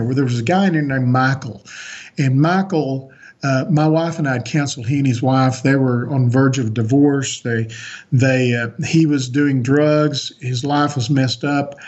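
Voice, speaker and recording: A man's voice: mid-range voice, dull audio. A man on a podcast as a guest, earnestly recounting a personal story with frequent restarts.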